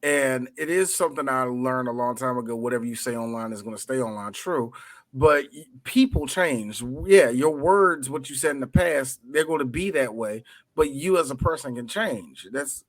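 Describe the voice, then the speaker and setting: A man co-hosting a casual podcast, laid-back and quick to laugh at his own jokes. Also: mid-range voice, animated, dry recording. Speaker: podcast co-host. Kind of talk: casual chat.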